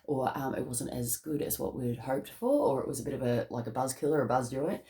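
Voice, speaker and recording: An Australian woman giving a casual tarot reading, chatty and excitable, laughing often between thoughts. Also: rumbling low, fairly quick. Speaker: tarot reader.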